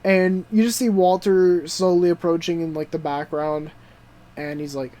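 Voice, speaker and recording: A young adult man co-hosting a podcast, excitedly recapping a TV show in casual chat, full of swearing and "dude" and "like" fillers. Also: fairly high pitch, moderate pace. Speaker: podcast co-host.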